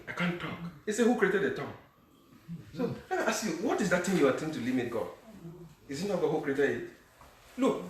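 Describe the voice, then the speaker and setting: A male pastor preaching a sermon, moving between low, quiet passages and shouted high calls, often asking the congregation if they are hearing him. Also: slight background noise. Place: church. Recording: echoey room, mic far off.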